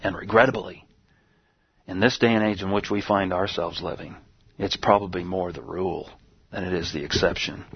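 A man preaching a sermon and reading scripture aloud, slowing down to stress key words. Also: low-pitched, steady tone, a little hiss or hum. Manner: slow emphatic scripture quoting, some restarts. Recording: dull dry lo-fi recording.

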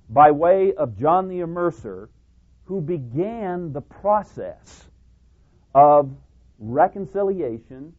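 A man preaching a sermon, stressing single words hard and walking through verses. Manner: emphatic, stressing single words with big pitch jumps. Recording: tinny phone-like sound.

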